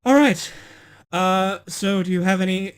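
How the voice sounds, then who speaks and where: Young male game master, halting and unhurried, fairly high voice. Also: clear, resonant tone. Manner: unhurried, halting with many fillers. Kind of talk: running a tabletop game over voice chat.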